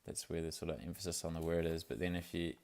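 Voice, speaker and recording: This is a young man, chatting to camera in a casual video diary. His voice sits very low and gravelly, with little rise and fall, and he rambles along easily with plenty of fillers. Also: flat delivery, fast talker, darkish tone. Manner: laid-back and rambling, with many fillers and restarts. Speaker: vlogger.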